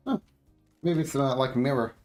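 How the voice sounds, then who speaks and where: A man's voice: mid-range voice, fairly quick, soft background music. A man co-hosting a game playthrough who chats in a playful, easily distracted way and asks a lot of questions. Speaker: co-host. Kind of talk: casual gameplay chat and reading game text aloud.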